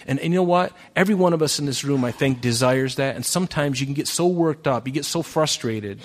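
A male pastor preaching to his congregation in a loose, conversational way. He climbs to loud, emphatic peaks, then drops to soft, quiet asides. His voice sits at an ordinary middle pitch for a man. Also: brisk, few pauses. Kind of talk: sermon.

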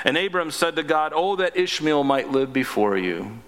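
A man with a bright, forceful voice preaches a sermon, reading scripture passages and pausing to comment on them. His voice rings out in a hall with long reverb, sitting a little higher than most men's. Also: sing-song. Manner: reads scripture aloud, breaks in with asides.

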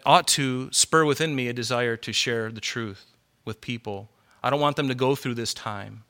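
Fervent, forceful man preaching. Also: medium pitch, fairly even intonation, normal speed, smooth. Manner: fervent, worked up, conversational. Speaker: pastor. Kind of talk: sermon. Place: church hall with congregation.

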